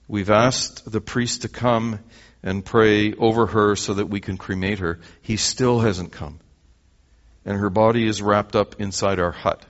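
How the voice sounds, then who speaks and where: A man's voice: lowish voice, muffled recording. A Canadian man preaching a sermon, telling a story and acting out the dialogue.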